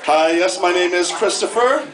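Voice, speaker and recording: Animated American man doing stand-up. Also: normal speed. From United States. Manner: animated, self-mocking, jumps into high-pitched bits. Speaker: stand-up comedian. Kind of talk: stand-up comedy set. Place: comedy club stage. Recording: echoey club room with noise. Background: audience laughter.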